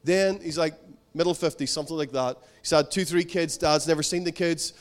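Male pastor, high-pitched, earnest conversational sermon with repetition. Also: fairly even intonation, fairly quick. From outside America. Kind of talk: sermon with storytelling.

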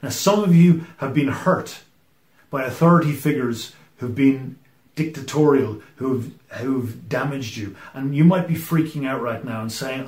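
A man preaching a sermon, earnest and emphatic, often letting his sentences fall to a quiet finish. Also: mid-range voice, measured pace, reverberant. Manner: earnest and emphatic, often dropping to a hushed close. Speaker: pastor.

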